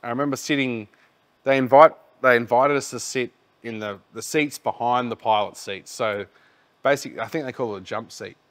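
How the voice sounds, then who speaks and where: A man's voice: medium pitch, a little fast, a bit bright. An Australian man hosting a podcast, telling a rambling, laid-back story in casual chat and swearing freely. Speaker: podcast host.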